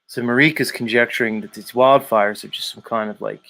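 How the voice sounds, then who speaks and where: A man's voice: mid-range voice, steady tone, fairly quick, gravelly, pushed and bright. A man hosting a daily live stream, reading viewer comments aloud and teasing commenters by name in a rambling, casual way. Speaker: livestream host reading chat.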